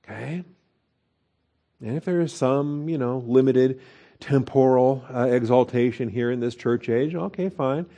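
A man's voice: mid-range voice, measured pace, dark tone, dull audio. A man teaching a verse-by-verse Bible study in a conversational way, with fillers and rhetorical questions.

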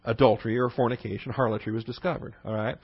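A man's voice: medium pitch, fairly even intonation, fast talker, breathy edge, no room sound, lo-fi sound. A man teaching a Bible lesson in a conversational sermon style, often asking the listeners "okay?". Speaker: pastor.

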